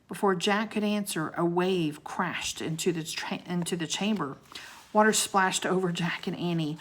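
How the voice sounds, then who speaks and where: Woman reading a children's chapter book, expressive, slightly low voice, chatty asides. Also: moderate pace. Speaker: storybook reader.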